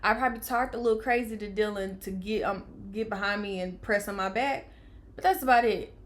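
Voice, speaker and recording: A young woman, casually telling her own story in an animated way, acting out what people said and dropping to a hush for tired moments. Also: mid-range voice, fairly quick. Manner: animated, acts out quoted lines, swings from loud to hushed.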